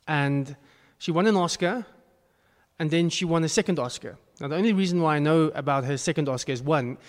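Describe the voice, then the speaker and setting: A man's voice: a little high, fairly quick. A man preaching a sermon as a pastor, earnest, with emphatic bursts. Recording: long hall reverb.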